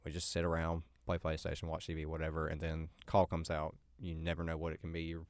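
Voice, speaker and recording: Young man, very low voice, dry close sound, laid-back guest with deadpan humor. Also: fast talker, dry recording. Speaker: podcast guest, EMT. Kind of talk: casual chat.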